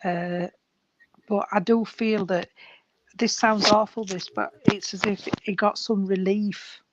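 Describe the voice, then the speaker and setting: Woman doing a spirit message, careful and flat, kinda muffled recording. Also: medium pitch, slow, noisy background. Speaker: medium. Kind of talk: spiritualist mediumship reading.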